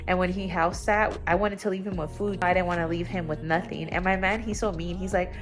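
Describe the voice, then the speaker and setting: A young woman talking at home in a casual confessional vlog, candid and rambling, her voice jumping up when she gets excited. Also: fairly quick, over music. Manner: candid and rambling, with sudden excited jumps in pitch. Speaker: vlogger. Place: at home, indoors.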